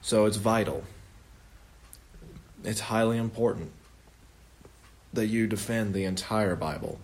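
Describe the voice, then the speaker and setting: A man's voice: fairly low pitch, a little slow. Earnest young man leading Bible study. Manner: conversational, self-correcting, earnest. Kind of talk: informal Bible study teaching.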